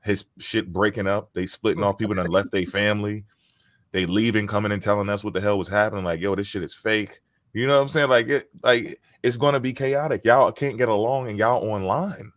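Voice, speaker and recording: A man with a fairly low voice, recorded dry and close. He rants in a heated, mocking way. He swears freely in casual chat. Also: fairly quick, no room sound. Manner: profane.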